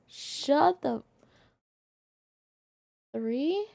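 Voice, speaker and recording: A young woman streaming a game live, chatting with viewers in an excitable, playfully indignant way that jumps into squeals. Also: on the high side, measured pace, pauses often, no echo.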